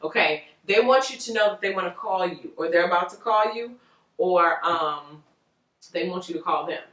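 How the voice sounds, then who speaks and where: A woman giving a casual tarot reading to viewers, animated and rambling, with frequent laughs. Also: lowish voice, normal speed, far from the mic. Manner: animated, chatty, loose and rambling, laughs often. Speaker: tarot reader. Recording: roomy echo, voice off-mic.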